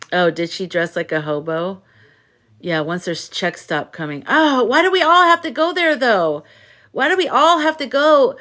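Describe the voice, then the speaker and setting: Woman livestreamer, worn out, frustrated venting between shout-outs. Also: medium pitch. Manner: venting, frustrated and weary, thanks viewers by name. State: exhausted. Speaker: live streamer. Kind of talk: casual livestream chat.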